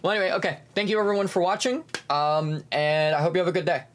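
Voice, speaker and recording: Young male streamer, relaxed chatty co-host, lively, a touch high-pitched. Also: fast, a little hiss or hum. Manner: animated, breaks into high silly voices. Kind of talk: casual stream chat.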